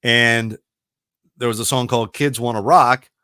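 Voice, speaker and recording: A man's voice: medium pitch, normal speed, smooth, no echo, clean studio sound. A middle-aged man hosting a radio show, chatting casually about music and telling rambling stories. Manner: rambling, animated storytelling with restarts.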